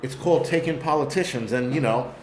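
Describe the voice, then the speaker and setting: A man's voice: medium pitch, a little fast, roomy sound, a little hiss or hum. A man with a New York accent hosting a live-stream commentary, talking bluntly and swearing as he rambles. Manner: blunt, profane, rambling rant. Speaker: host.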